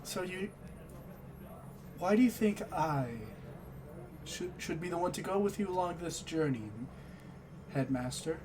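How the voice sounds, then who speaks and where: A man's voice: high-pitched, a little slow, long pauses, noisy background. A man voicing a polite, hesitant young male wizard student. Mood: unsure.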